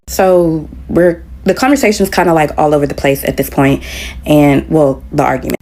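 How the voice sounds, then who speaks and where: At a normal speed and in a low-pitched voice, a woman who teaches relates a story with casual candor and blunt profanity. She becomes increasingly loud and worked up as she goes.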